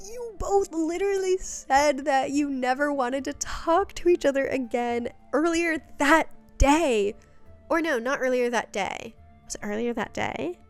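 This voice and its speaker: A woman's voice: high voice, a little slow, soft background music. Sassy chatty young woman. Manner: sassy, exasperated asides, lots of "like". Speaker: video creator recapping a web series. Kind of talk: casual chatty recap commentary.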